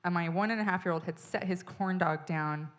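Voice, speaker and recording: A woman comedian telling a profane, exasperated story on stage, now and then bursting into loud yelling. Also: on the low side, a little fast. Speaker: stand-up comedian. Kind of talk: stand-up storytelling.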